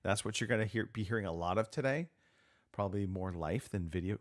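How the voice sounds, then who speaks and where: A man's voice: lowish voice, fairly quick. A man hosting a casual live podcast, joking around and drifting off on tangents. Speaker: podcast host. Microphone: remote call setup.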